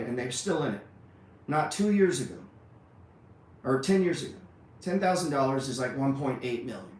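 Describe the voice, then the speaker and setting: Blunt, profane man in an echoey room. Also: mid-range voice. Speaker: trading show host. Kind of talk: unscripted motivational talk. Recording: roomy echo with faint ambient noise.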